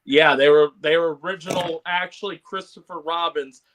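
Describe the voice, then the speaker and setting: Male co-host, fairly high voice, loose rambling delivery full of fillers. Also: fairly even intonation, moderate pace, a bit bright. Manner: rambling, many fillers and laughs. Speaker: podcast co-host. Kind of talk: casual chat.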